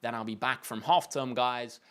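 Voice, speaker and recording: A young man with a British English accent, a maths tutor answering viewers' questions in a relaxed, chatty livestream with plenty of fillers and restarts. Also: mid-range voice, moderate pace, clean tone. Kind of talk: casual livestream Q&A.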